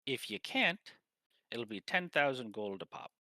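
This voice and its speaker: A short, haughty captain with a blunt, brusque way of striking a deal, as a game master puts him on. His voice is bright and jumps around in pitch. It sounds dry and close. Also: big pitch swings, unhurried, creaky, dry recording, heavily acted.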